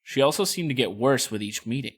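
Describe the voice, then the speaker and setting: A man's voice: medium pitch, expressive, brisk. A man co-hosting a true-crime podcast, reading out case notes and joking between them. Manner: reads case notes, then jokes and chats.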